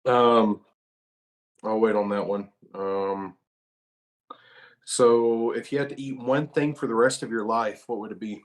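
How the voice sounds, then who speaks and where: A man co-hosting a casual podcast, firing off quick, offbeat questions to the guest. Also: fairly low pitch, steady tone. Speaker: podcast co-host. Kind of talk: casual interview.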